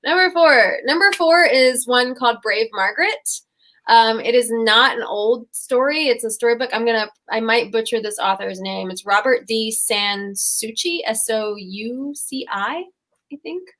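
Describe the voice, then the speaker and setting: A woman's voice: on the high side, unhurried, a bit bright. A young woman co-hosting a casual chat show, retelling fairy tales in a rambling, giggly way. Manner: chatty, rambling, giggly storytelling. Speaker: co-host.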